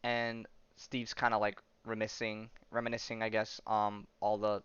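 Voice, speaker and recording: A man hosts a podcast and recaps a comic story in a loose, rambling way full of fillers. His voice is smooth and clear at an average pitch. The sound is dry with no room echo but a bit dull, like a modest home mic. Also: flat delivery, unhurried, fairly bright tone. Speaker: podcast host. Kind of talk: casual comic-book recap.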